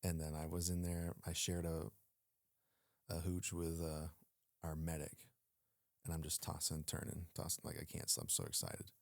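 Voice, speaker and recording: Very deep-voiced guy telling army stories, chatty, lots of ums, does the other guys' lines, dry close mic. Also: normal speed, creaky, no echo. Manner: animated, acts out quoted dialogue, frequent fillers. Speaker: guest, former Navy SEAL. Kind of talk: casual storytelling in an interview.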